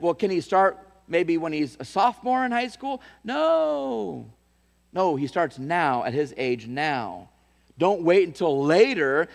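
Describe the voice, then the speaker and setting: A man preaching from the pulpit tells stories with restarts and repeated words, then builds to emphatic calls to his congregation. His voice sits fairly high for a man. A long reverb trails every phrase through the church hall. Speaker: pastor. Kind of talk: sermon.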